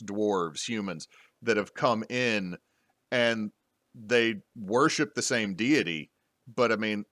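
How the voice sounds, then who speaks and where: A man's voice: on the low side, fairly bright tone, no echo, studio quality. A man hosting a casual panel discussion about tabletop gaming, talking loosely with many restarts. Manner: rambling, frequent restarts and fillers. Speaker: podcast host and game master.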